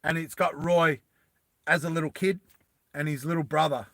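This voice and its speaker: Animated rambling man telling a story. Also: on the high side, moderate pace, dry recording. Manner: rambling, animated, many restarts. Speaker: streamer pitching a film story. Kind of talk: casual storytelling to a live chat.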